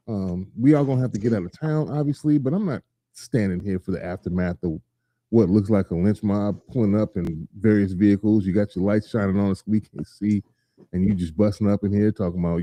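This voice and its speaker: A man hosting a casual chat show, talking in an animated way and acting out scenes in quick voices. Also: on the low side, no echo. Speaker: podcast host.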